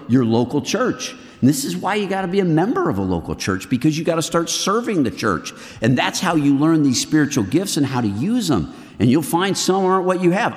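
Lively, earnest male preacher in a hall. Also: medium pitch. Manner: lively, earnest preaching that swings between loud and hushed. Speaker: men's ministry speaker. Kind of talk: sermon.

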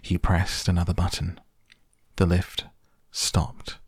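A man reading a children's story aloud in a measured, expressive narration. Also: low-pitched, breathy edge, no room sound, clean studio sound. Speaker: audiobook narrator.

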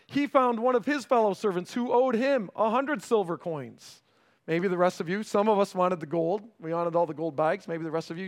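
A pastor preaching a sermon in a conversational way, often checking in with the congregation and dropping to a hushed, slow delivery for emphasis. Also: male voice, sits high. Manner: swings between raised emphasis and hushed, slowed delivery.

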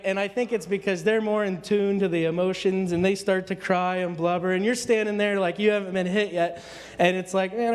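A man's voice: high voice, in a large hall. A man giving an earnest, rambling church testimony to the congregation, often restarting his sentences. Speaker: church speaker. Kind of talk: informal sermon testimony.

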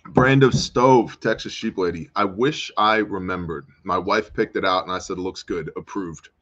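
Deep-voiced American male host, loose and jokey, reads chat aloud; dull lo-fi sound. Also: moderate pace, a bit bright. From United States. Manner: rambling, joking, responds to viewer comments. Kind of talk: casual livestream talk reading chat.

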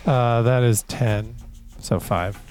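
Man player, slow, matter-of-fact delivery. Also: medium pitch, darkish tone, soft background music. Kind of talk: casual tabletop game play.

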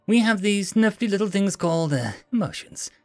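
A man voicing a mocking, shapeshifting female machine envoy who talks slowly and teasingly. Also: high-pitched, expressive, darkish tone, no room sound, faint music behind, pitched above the performer's own voice. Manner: smug, teasing, slow and deliberate.

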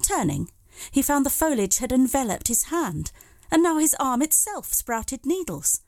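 A woman narrating a short dark tale in a measured, calm voice. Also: sits high, dry recording, studio quality. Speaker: story reader. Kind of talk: scripted narration.

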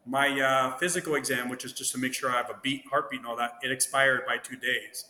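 A man's voice: medium pitch, steady tone, fairly quick, bright, forceful tone. A man from Ontario, a guest, telling anecdotes in casual chat and acting out the dialogue he quotes. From Ontario, Canada. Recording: roomy echo with long reverb, faint noise.

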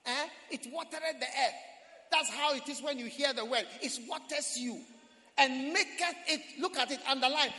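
High, bright preaching man in a hall. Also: animated, normal speed. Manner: preaching with dramatic shouts and archaic scripture quotes. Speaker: pastor. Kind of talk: sermon. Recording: long hall reverb.

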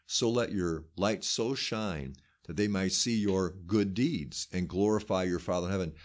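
A pastor talks earnestly in a casual faith discussion, quoting scripture often as he goes. His voice is deep and his pace measured.

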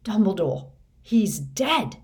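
A woman voicing a flustered middle-aged male official who talks loudly and fretfully, in a storybook reading. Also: medium pitch, sing-song, brisk, far from the mic, voice pushed up, close to an everyday voice. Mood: alarmed. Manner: loud and fretful.

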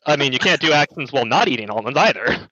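A man's voice: medium pitch, expressive, quick pace, pushed and bright. A man chatting casually at a tabletop game, starting lines hesitantly with "oh, uh.". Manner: hesitant, lots of "oh, uh". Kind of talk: casual chat. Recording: dull lo-fi dry sound.

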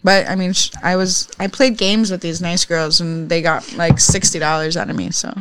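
A woman's voice: fairly low pitch, little pitch movement, moderate pace, background noise. A woman hosting a podcast in loose, rambling, frank casual chat. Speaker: podcast host.

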